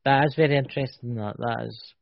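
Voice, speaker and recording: A man's voice: medium pitch, steady tone, fast, vocal fry, dry recording. A man with a Scottish accent hosting a casual podcast chat. He banters and teases, drawing words out when he explains. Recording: dull lo-fi sound.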